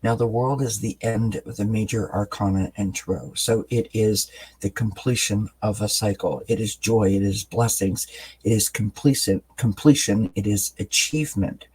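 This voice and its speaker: A man doing a tarot card reading for his channel, explaining each card in a calm, unhurried way with pauses and fillers. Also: on the low side, slightly rough, low-quality recording. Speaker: tarot reader.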